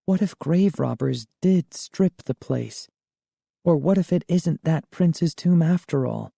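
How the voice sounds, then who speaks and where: A man voicing a worried young girl who frets in a soft, pleading way in a storybook reading. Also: fairly high pitch, animated, slow, gravelly, no room sound, pitched above the performer's own voice, heavily acted. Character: worried young girl, anxious about her father.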